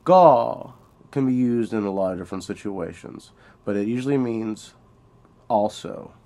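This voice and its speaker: A man with a low voice leads a spoken language lesson at an unhurried, deliberate pace. He sounds out each example phrase with care and repeats key words so a learner can follow along. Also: gravelly, mellow. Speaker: language teacher. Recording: home-made audio lesson.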